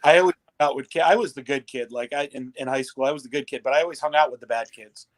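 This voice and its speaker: A man chats as a guest on a casual podcast. His voice sits in a middle pitch. He tells stories easily and laughs often along the way. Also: quick pace. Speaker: guest artist. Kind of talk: casual chat.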